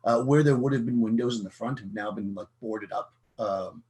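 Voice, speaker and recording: Man, game master, husky voice, casual halting narration. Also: mid-range voice, warm tone.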